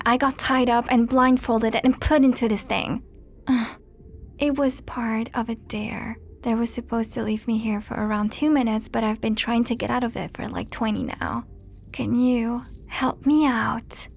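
Slow, gravelly-voiced sarcastic young woman. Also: on the high side. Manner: sarcastic, profane and exasperated; often drops to a breathy whisper. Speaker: audio role-play performer. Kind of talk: audio role-play addressing the listener.

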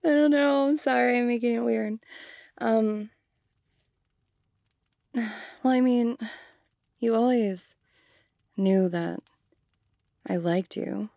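Giggly young woman with vocal fry. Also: medium pitch, steady tone, drawn-out words, pauses often, dark tone, no echo. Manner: casual, giggly, full of "like". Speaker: audio role-play performer. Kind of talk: audio role-play to the listener.

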